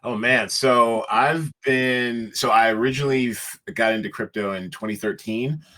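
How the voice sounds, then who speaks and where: A man's voice: mid-range voice, steady tone, moderate pace, pushed and bright. A man, a company founder, answering interview questions over a video call in a chatty way, laughing often. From Seattle, United States. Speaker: company founder and CEO, guest.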